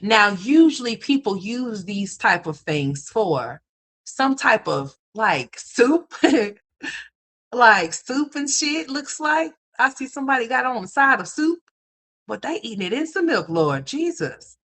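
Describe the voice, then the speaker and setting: A woman hosting a livestream, reacting to chat in a loud, profane, animated way and calling viewers "y'all" and "honey.". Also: a little high, slow. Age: adult mother. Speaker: livestream host.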